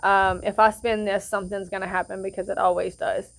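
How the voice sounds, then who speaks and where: A woman's voice: mid-range voice, little pitch movement, brisk, gravelly. A woman sharing a personal testimony outdoors, rambling through her story with frequent fillers and restarts. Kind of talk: casual spoken testimony. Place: outdoor campsite.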